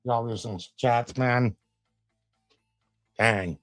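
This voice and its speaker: A man's voice: mid-range voice, fairly even intonation, extremely slow, no room sound, soft background music. A man giving casual live commentary as a reaction streamer, laid-back and folksy, with drawling asides to his chat.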